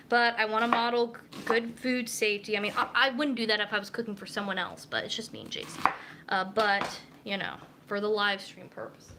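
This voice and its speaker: A woman's voice: on the high side, noisy background. A young woman, a dietitian, chatting casually and rambling with many fillers while cooking in her home kitchen on a live stream. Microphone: camera mic.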